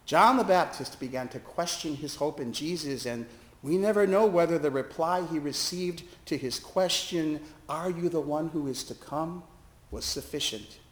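A man on the high side vocally preaches at a medium pace in an echoing church sanctuary. Telling a story from a hospital, he's animated and acts out the different voices he quotes.

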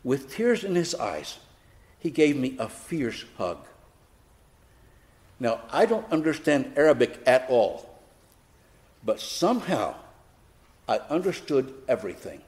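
A man preaching a sermon, telling a personal story in an unhurried, reflective way with touches of gentle humor. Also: mid-range voice, very animated.

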